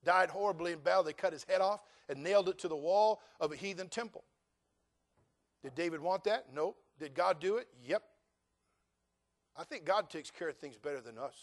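A middle-aged male pastor preaching a sermon, folksy and joking, acting out dialogue and rising to loud, fervent passages. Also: high-pitched, moderate pace. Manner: animated preaching, acts out dialogue, rises to loud fervent climaxes.

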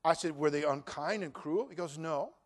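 A middle-aged male pastor preaching a sermon, shifting from quiet storytelling to loud exhortation. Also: fairly high pitch, normal speed.

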